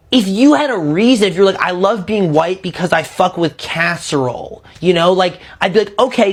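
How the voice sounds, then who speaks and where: A speaker with a mid-range voice delivers a casual commentary monologue. The talk is conversational and profane, built on one rhetorical question after another. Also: medium pitch.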